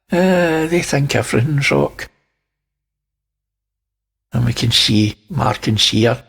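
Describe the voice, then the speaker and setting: A Scottish man talks slowly and deliberately, pointing things out one by one. His voice is gravelly with a husky edge, and he drops in dry jokes between observations. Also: medium pitch, animated, fairly bright tone. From Scotland. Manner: slow, pointing things out, wry asides. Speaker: channel host. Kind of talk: narrating image analysis.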